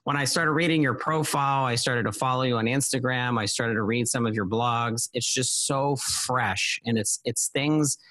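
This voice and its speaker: A man's voice: mid-range voice, moderate pace, hardly any pauses, no room sound. Enthusiastic man hosting a podcast, dry sound. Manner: enthusiastic, warm, effusive. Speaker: podcast network host. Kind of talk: podcast interview.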